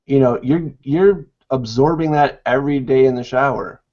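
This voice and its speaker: A man's voice: medium pitch, normal speed. A man on a group call who makes dry joking asides in casual chat. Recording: dull lo-fi call audio.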